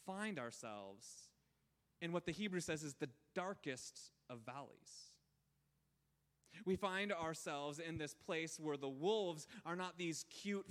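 Higher-voiced man preaching in a reverberant space. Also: a bit bright. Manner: informal and candid, frequent fillers and restarts. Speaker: pastor. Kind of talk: conversational sermon. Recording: long reverb.

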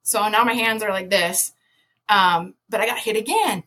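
A woman, a podcast guest, telling an animated story with lots of laughter, sudden loud shouted quotes and many restarts. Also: mid-range voice, moderate pace. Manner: lively, laughing, jumps to loud shouts when quoting herself.

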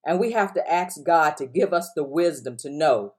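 A woman's voice: deep voice, animated, normal speed, a little mellow. A woman pastor preaching on a podcast, urging listeners to respond and repeating lines for emphasis. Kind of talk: sermon-style podcast teaching.

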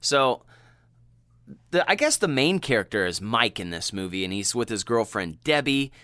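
A man co-hosting a casual movie chat, animated and quick to act out quotes. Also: clean tone, no room sound, studio quality. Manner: animated, laughing, acts out quotes in a high voice. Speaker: podcast co-host.

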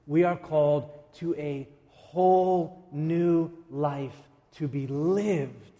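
New pastor preaching slow and emphatic, kinda high voice, big reverb in the church. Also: male voice, mellow. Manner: emphatic, dramatic pauses, quick asides. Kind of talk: sermon. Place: church sanctuary.

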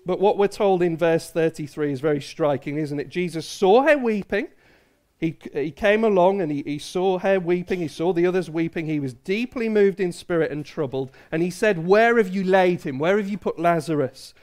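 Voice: medium pitch, moderate pace, a little mellow. Church preacher for an all-ages service, talks to kids and adults alike and keeps asking "isn't it?". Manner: asks many tag questions, draws in listeners. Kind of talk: family sermon addressing kids and adults.

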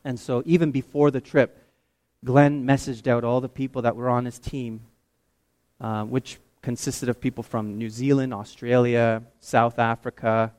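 Male preacher from Canada, mid-pitched, animated testimony delivery that surges high and loud. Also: unhurried. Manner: animated storytelling, climbs high and loud when excited. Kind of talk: sermon testimony.

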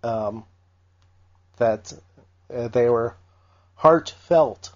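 A man co-hosting a band podcast, dropping slow, chuckling puns in casual chat. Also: medium pitch, highs cut off. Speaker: podcast co-host, band member.

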